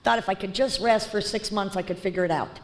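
A woman's voice: medium pitch, fairly even intonation, quick pace. Candid woman sharing her recovery story. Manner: candid and blunt, with many fillers and restarts. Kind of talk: personal testimony talk.

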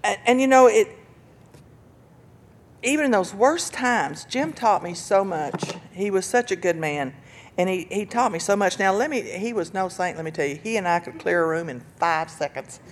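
An older woman giving an earnest personal testimony about recovery and loss, telling her story with bursts of laughter and loud quoted lines. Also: medium pitch, animated, normal speed, a little hiss or hum. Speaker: speaker sharing recovery story.

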